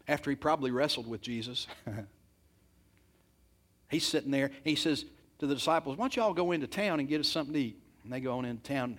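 A man preaching a sermon, retelling a scripture story in casual everyday speech and breaking into acted quotes. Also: fairly high pitch. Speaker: pastor.

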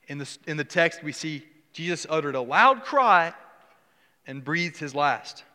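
A male pastor delivers a sermon with earnest conviction, restarting phrases and sinking to a hush on key words. His voice sits a little high and rings bright and forceful. The sound carries a long reverb, as in a church sanctuary. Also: expressive, measured pace.

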